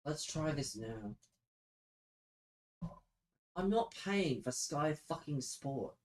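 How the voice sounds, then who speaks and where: A young man rants to his live chat with sarcastic, exasperated profanity. His voice sits fairly high, and he drags out his words in a slow, drawn-out way. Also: very animated, rough recording. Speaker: streamer. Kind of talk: live-stream rant to chat.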